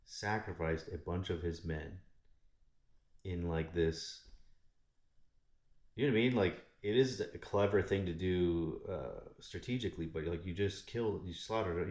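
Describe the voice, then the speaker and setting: A man telling a story in casual, profane chat, animated and rambling with frequent swearing. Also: low-pitched. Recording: echoey room.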